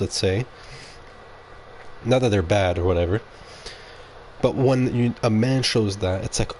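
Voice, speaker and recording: A man's voice: lowish voice, a little slow, long pauses, a little mellow, a little hiss or hum. A man streaming a game and talking casually to his audience, rambling and opinionated and often correcting himself mid-sentence. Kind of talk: casual livestream monologue.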